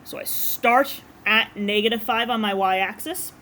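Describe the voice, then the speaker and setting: A woman's voice: fairly high pitch, a little slow, fairly bright tone, slight background noise. A woman teaching a math class, explaining graphing in a casual, chatty way to her students in a classroom. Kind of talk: classroom lecture.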